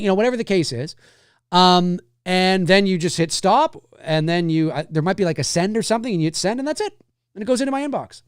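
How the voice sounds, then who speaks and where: A man's voice: high voice, fast, clear, resonant tone, dry recording, studio quality. A man hosting a casual livestream, chatting in a meandering way and thinking aloud as he answers viewers. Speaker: livestream host answering chat.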